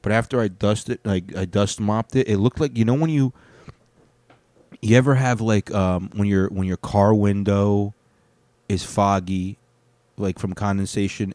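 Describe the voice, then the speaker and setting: A man's voice: fairly low pitch, a little mellow, no echo. Man, solo podcast host, rambling and profane, dry close sound. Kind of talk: solo comedic podcast rant. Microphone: headphones on, podcast mic.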